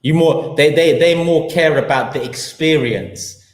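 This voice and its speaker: A man's voice: a little high, a little slow. A man with a London accent hosting a live football talk show, slangy and heated as he piles up his points. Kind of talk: live-stream football rant. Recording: echoey room.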